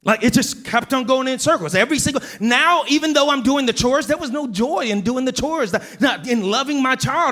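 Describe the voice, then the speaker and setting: A pastor in his thirties preaches with a high, bright voice that rises and drops as he talks. His delivery is casual and conversational, swinging from quiet asides to sudden emphasis. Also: expressive, brisk, hardly any pauses. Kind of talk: sermon.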